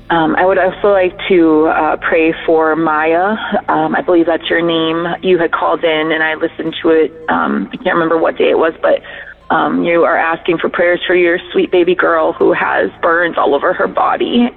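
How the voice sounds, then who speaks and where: Earnest caller praying over a phone line. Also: male voice, on the high side, little pitch movement, moderate pace, gravelly. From North Dakota. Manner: hesitant, many ums and restarts, earnest. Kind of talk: phoned-in prayer. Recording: phone line with faint music behind.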